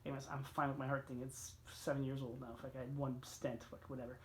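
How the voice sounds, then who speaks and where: A middle-aged man rants fast on his vlog, with little pitch movement overall apart from frequent sudden jumps in pitch and loudness before he settles back to grumbling. His casual story rambles through aside after aside, peppered with swearing.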